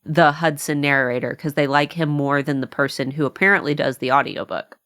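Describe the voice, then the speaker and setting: Woman, slightly low voice, animated rambling podcast host. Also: fairly quick, clean tone. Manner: rambling, animated, many fillers and laughs. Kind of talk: casual chat.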